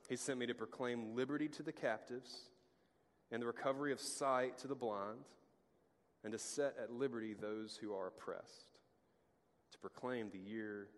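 A pastor giving a casual, conversational sermon, full of restarts and acted-out asides. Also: male voice, mid-range voice. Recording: long hall reverb.

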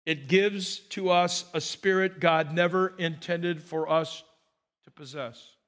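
A man preaching a sermon as pastor, animated and joking, often restarting his words. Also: high voice, takes it slowly.

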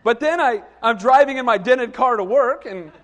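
A middle-aged man preaching a sermon, telling lively stories and asking the congregation questions. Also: very high voice, normal speed, long reverb tail. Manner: animated storytelling with asides to the congregation. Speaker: pastor.

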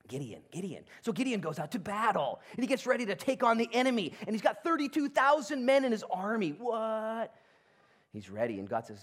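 A man's voice: high voice, big pitch swings, quick pace, a bit bright. A man pastor preaching a sermon, telling the story with energy and acting out the people in it.

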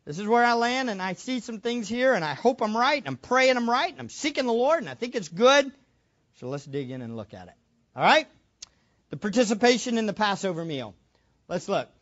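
A man's voice: high voice, big pitch swings, a little fast, fairly bright tone, lo-fi sound. A man preaching a sermon, asking questions of the congregation and stressing his points. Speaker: pastor.

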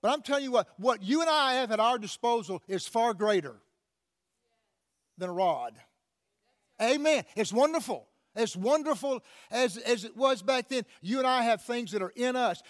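A pastor preaching a sermon, often calling out to the congregation for an amen, with frequent restarts and repeated words. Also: male voice, very high voice. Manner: preaching with call-outs to the congregation.

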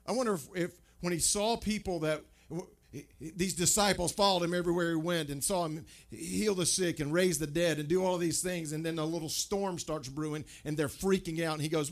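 Man, pastor, sermon, conversational preaching, rhetorical questions, fairly high voice.

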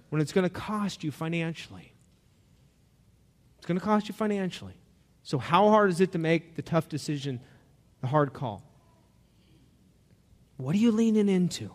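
A man's voice: high-pitched, animated, moderate pace, in a large hall. A man preaching a sermon to a congregation, talking in a conversational way and asking them questions. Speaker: pastor.

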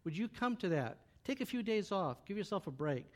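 Man putting on a quiet, lower coaxing young queen, hushed storytelling voice. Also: very animated, fairly quick. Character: pleading young queen, soft and gracious.

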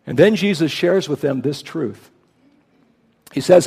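A man preaching with a gravelly, slightly husky voice that sits a little high. He leans hard into his key points. His words ring out with long reverb in a large hall. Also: lively intonation, measured pace, darkish tone. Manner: emphatic, rising to stress key points. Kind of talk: sermon.

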